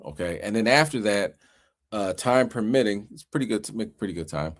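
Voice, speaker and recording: A man's voice: on the low side, fairly quick. A man teaching a casual Bible class in a conversational way, often asking "you know what I mean" and acting out quoted voices. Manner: animated, acts out quoted voices.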